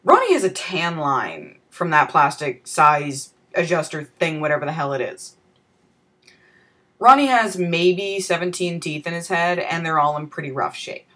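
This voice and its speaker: A woman vlogger spins a comic tale from her own life, dry and full of casual swearing. Her voice sits on the lower side, and she slips in deadpan asides to the viewer. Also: measured pace. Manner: wry, profane, deadpan asides. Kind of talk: comic personal storytelling.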